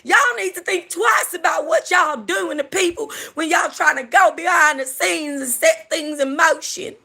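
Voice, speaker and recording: A woman imitating a high-pitched, paranoid country woman who is a reality TV star, in a shrill, accusatory, frantic way. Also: moderate pace, gravelly, sharp tone, full character voice.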